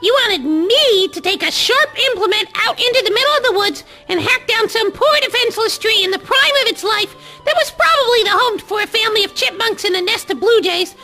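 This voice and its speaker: A woman voicing a playful, childish male sock puppet who rambles and jokes mischievously, in a squeaky, gravelly voice. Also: expressive, fairly quick, hardly any pauses, pushed and bright, faint music behind, heavily acted.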